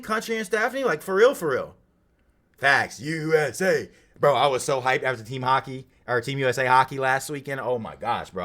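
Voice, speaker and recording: A man's voice: mid-range voice, fairly bright tone. A young man hosting a live stream, chatting casually and greeting viewers by name in slangy talk. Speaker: streamer and podcast host.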